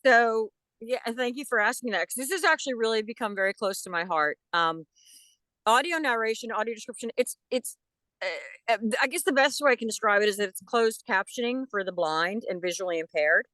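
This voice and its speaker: A middle-aged actress, a guest on a video call interview, explaining her work in a casual, lively storytelling way. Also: on the high side, fairly quick, dry recording.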